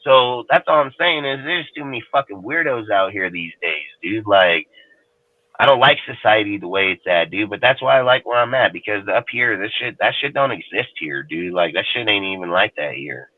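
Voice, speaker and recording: A man's voice: fairly low pitch, animated, moderate pace, no echo. A man in casual chat, ranting bluntly and swearing heavily. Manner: profane, blunt, heated. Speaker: roundtable panelist. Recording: tinny, dry call audio.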